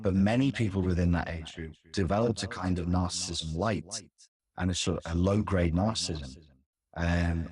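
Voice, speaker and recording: A man's voice: sits low, darkish tone. A man in his forties, a former teacher, giving opinionated commentary in conversation, stressing points by repeating words. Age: 40s.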